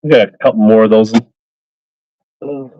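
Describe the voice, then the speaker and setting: A man's voice: fairly low pitch, steady tone, slow pace, warm tone, no echo. A man selling fishing gear on a casual live stream, rambling upbeat and greeting buyers by name. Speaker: live auction seller of fishing lures. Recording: slightly dull lo-fi stream audio.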